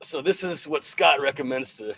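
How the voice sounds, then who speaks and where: Lively joking man on a call. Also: a little high, normal speed, slight background noise. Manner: jokey, laughing often, rambling with fillers. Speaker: host. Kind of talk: casual livestream chat. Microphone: video call.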